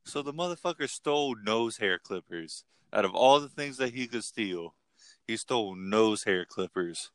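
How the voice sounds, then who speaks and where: Casual young man spinning a cussing anecdote, crisp clear voice. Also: on the low side, a little slow, dry recording. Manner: profane, rambling, animated storyteller. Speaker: podcast co-host. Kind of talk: casual storytelling chat.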